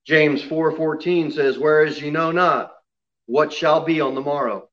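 A man preaching an expository sermon in a church, dropping low and quiet on solemn lines and rising loud on emphasis. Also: steady tone, a little slow, lo-fi sound. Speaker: pastor. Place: church sanctuary.

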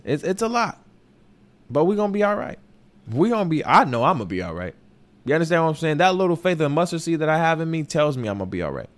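A man's voice: a little high, sing-song, fast talker. A young man hosting a podcast, speaking candidly and emotionally in a personal monologue, swearing often and circling back on his words. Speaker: podcast host. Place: New York.

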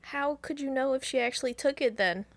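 A woman co-hosting a casual chat, adding wry quips and questions, often trailing off quietly. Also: sits high, fairly quick. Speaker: podcast co-host.

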